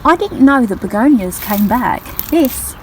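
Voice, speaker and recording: A woman's voice: fairly high pitch, lively intonation, a little slow, a little hiss or hum. A woman chatting casually to the camera in a video diary while gardening outdoors. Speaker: vlogger.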